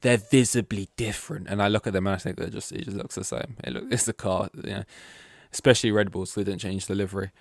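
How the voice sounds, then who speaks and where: Young male podcast host, casual solo chat, slightly low voice, dry close sound, rambling delivery with lots of fillers. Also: little pitch movement, quick pace, gravelly, no echo. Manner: rambling, chatty, many fillers and restarts.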